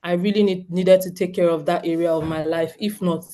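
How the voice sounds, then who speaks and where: This Nigerian woman, in her thirties, has a lowish, warm voice that stays steady while moving at a brisk clip. She is talking to a group of homeschooling parents with earnest directness, repeatedly posing questions to them.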